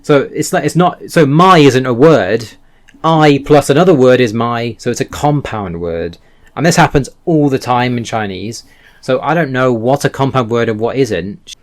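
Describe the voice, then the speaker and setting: A man's voice: mid-range voice, normal speed. Rambling male language vlogger. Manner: rambling, self-correcting, self-deprecating. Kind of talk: casual talking-head vlog.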